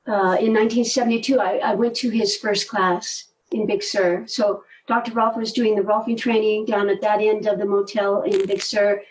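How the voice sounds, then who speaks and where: An older woman telling stories in a relaxed conversation, animated and laughing often, often trailing off mid-sentence. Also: medium pitch, distant mic, rough recording. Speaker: guest, movement teacher. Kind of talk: conversational storytelling.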